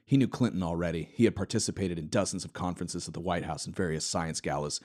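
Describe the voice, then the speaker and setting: A man co-hosting a comedy podcast, reading a satirical story aloud in a deadpan tone. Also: low voice, fast. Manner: deadpan reading, breaking into laughter. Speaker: podcast co-host.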